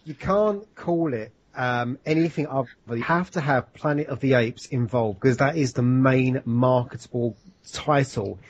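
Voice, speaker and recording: A man chatting as co-host of a film podcast, rambling and keen, swearing freely as he talks. His voice is clearly husky. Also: mid-range voice, measured pace, dull audio. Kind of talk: casual chat.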